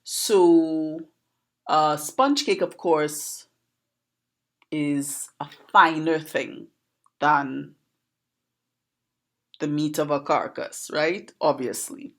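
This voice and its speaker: Trinidadian woman educator, low unhurried voice, patient and questioning. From Trinidad and Tobago. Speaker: poet and educator. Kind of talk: explaining a proverb to camera.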